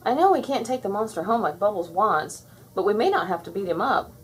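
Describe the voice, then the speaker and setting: Woman acting out a bossy girl superhero leader, commanding, upbeat, breathy, storybook. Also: medium pitch, animated, a little fast.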